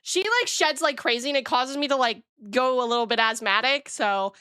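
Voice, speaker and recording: A young adult woman streaming from home, chatting casually in a gushing, excitable way and swearing freely, close on the mic. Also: high voice, moderate pace, clean tone, no echo. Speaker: VTuber streamer. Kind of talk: casual live-stream chat.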